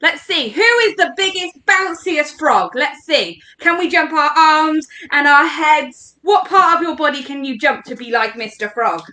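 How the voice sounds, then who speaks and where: A woman's voice: high voice, animated, a little slow, hardly any pauses, pushed and bright. A woman leading an online storytelling workshop for children, upbeat and encouraging as she speaks straight to the kids watching. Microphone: online livestream.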